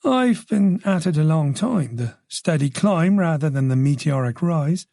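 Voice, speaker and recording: A man's voice: fairly high pitch, expressive, unhurried, gravelly, mellow, no echo, voice pushed up. A man voicing a reserved, polite middle-aged detective with dry, guarded replies in an audiobook.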